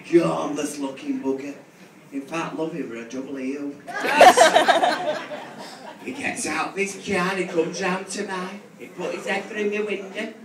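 A man with a Manchester accent performing live drag stand-up, crude and teasing toward the crowd in a big bar. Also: high voice. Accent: Mancunian. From Manchester, England. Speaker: drag queen comedian. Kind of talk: live stand-up with audience banter. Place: large bar venue with a live audience. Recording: echoey, distant live room recording with crowd noise.

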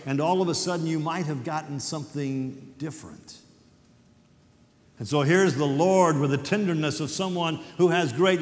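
A middle-aged man giving a chapel sermon, earnest and conversational, reading scripture with dramatic pauses. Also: fairly high pitch. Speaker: university president speaking at chapel. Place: large hall. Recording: echoey hall, distant at times.

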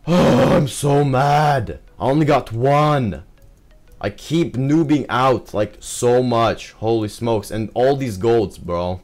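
A young man giving excitable live commentary over his own gameplay, full of exclamations and fillers. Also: mid-range voice, slow pace.

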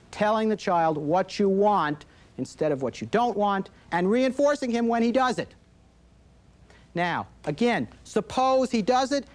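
A man giving an instructional talk to parents on child behavior, explaining with examples and acting out quoted lines from a 1980s videotape. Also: high voice.

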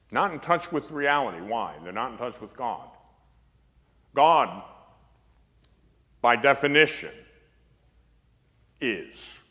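A priest lectures an audience in an emphatic, storytelling way, his pitch swinging up and down as he drives points home. A dry humor runs through his delivery. His voice carries a long reverb from a large hall. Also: a bit bright.

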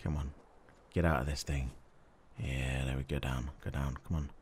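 A man doing jokey game commentary, talking to himself with sudden excited yelps. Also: extremely low pitch, normal speed, noisy background. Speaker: gaming channel host.

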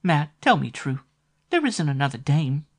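A man's voice: on the high side, sing-song, normal speed, voice pushed up. A man voicing a seductive, pushy woman lover with a sexy voice in an audiobook. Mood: coaxing.

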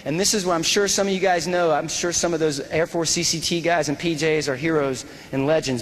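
A man from the United States giving a fundraiser speech, telling a war story in an animated way and acting out the dialogue. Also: fairly high pitch, in a large hall. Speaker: guest speaker, former soldier. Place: large hall at a fundraiser.

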